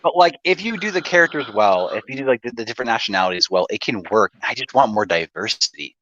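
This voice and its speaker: A man's voice: mid-range voice, lively intonation, fast talker, fairly bright tone, no room sound. Guy rambling about roleplay, swears a ton, dry muffled mic. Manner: rambling, swears a lot, many "like" fillers. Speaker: podcast guest. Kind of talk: casual chat about roleplay.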